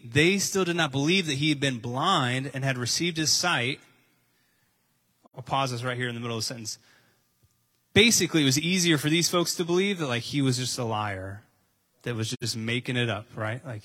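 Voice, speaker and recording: Speaking at a moderate pace in a bright, forceful, medium-pitched voice, a male pastor delivers a sermon in a conversational style. He reads from scripture, poses questions to his listeners, and repeats phrases to drive points home.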